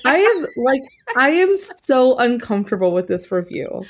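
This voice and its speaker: A woman's voice: high-pitched, normal speed. Woman cohost on a podcast, gets worked up n swears a lot, casual chat. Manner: animated and exasperated, swears freely. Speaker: podcast co-host.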